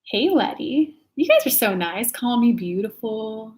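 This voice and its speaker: A woman's voice: fairly high pitch, sing-song, measured pace, a little mellow, a little hiss or hum. A woman hosting a casual live stream, chatting animatedly and reading viewer comments aloud. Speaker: intuitive reader and channel host.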